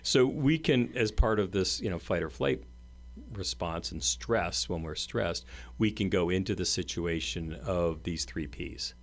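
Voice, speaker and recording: A man's voice: deep voice, measured pace, gravelly. A man co-hosting a podcast, explaining ideas in an earnest, conversational way with many fillers. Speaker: podcast co-host. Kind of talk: casual conversation.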